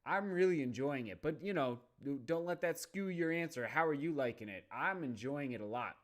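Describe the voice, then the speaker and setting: A man's voice: fairly high pitch, expressive, normal speed. Upbeat man hosting a running live stream. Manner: upbeat, chatty, reads viewer comments aloud. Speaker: running channel host. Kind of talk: live stream chat, reading comments.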